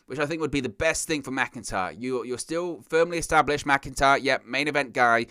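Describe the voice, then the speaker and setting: Guy doing wrestling news rants, bright voice, dry close mic, gets worked up. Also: medium pitch, a little fast, hardly any pauses, clear, resonant tone, no echo. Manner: exasperated, ranting, animated. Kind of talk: casual opinionated commentary.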